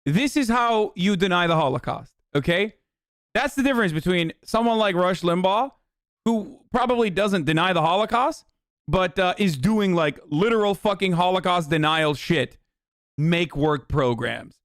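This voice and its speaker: A male streamer with a fairly high, smooth voice, recorded close and dry. He reacts to clips in a casual, blunt way, swearing freely and laughing with scorn. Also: animated, normal speed, fairly bright tone, dry recording.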